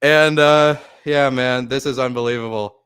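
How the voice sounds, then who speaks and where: A man's voice: mid-range voice, fairly even intonation, normal speed, fairly bright tone, clean tone. A man hosting a casual sports live stream, overwhelmed and near tears, laughing often and swearing as he thanks viewers. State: overwhelmed, shaky, close to tears.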